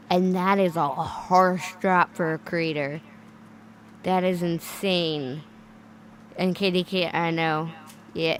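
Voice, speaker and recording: A woman co-hosting a livestream in casual chat, reading chat and exclaiming softly. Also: on the low side, a little hiss or hum.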